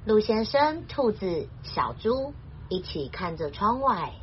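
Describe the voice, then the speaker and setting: A woman translating a children's story and explaining vocabulary in a clear, gentle teaching voice. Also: mid-range voice, very animated, slow, dull audio, slight background noise.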